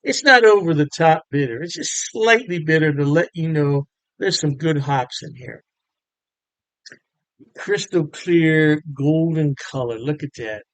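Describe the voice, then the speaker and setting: A man's voice: on the high side, animated, measured pace, fairly bright tone, dry recording. A man giving a casual, chatty beer review to camera, upbeat and full of fillers.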